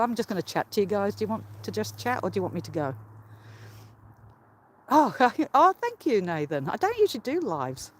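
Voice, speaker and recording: During a casual walking live stream, the Australian host rambles into a handheld phone on a hill next to a ruined castle. Breathless and laughing a lot, the host speaks in a medium-pitched, slightly mellow voice.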